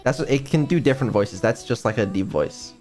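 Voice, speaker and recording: A man chatting casually on a stream as a developer, hesitant and filling pauses with ums, swearing now and then. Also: medium pitch, expressive, a little mellow, faint music behind.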